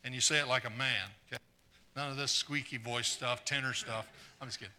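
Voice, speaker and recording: A man preaching a live sermon, earnest and stumbling over repeated words, trading jokes with the congregation and swinging from quiet asides to fired-up exclamations. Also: mid-range voice, steady tone, brisk. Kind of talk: live sermon with audience volunteers.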